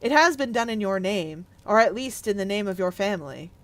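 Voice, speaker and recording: A woman's voice: mid-range voice, expressive, brisk, no echo, pitched below the performer's own voice, close to an everyday voice. A woman reading a story aloud, voicing a grumpy old male miser who argues and questions. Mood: arguing. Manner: questioning, arguing.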